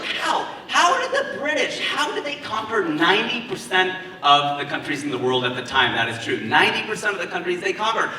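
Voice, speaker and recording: A man doing a stand-up comedy set at a wedding, working the crowd with animated, laughing asides. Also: high voice, background noise. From United States. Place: wedding reception venue. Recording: roomy, far-off mic with loud crowd.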